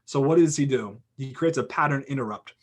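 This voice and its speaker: A young man and podcast guest telling a casual, animated anecdote, full of "like" and quick restarts. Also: mid-range voice. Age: young adult. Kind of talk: casual storytelling.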